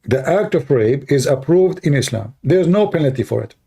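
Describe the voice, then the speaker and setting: A man hosting a confrontational livestream debate, talking emphatically and challenging his listeners, with a dry throat and frequent throat clearing. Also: a little high, lively intonation, normal speed, warm tone. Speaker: debater and host.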